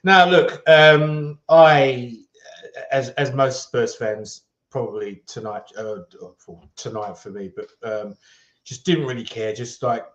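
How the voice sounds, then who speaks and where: A man's voice: medium pitch, slow, a bit bright. Guy fan chatting football, stops and starts a lot, keeps saying um, echoey room, dull muffled audio. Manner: hesitant, many fillers and restarts, upbeat. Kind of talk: casual football chat.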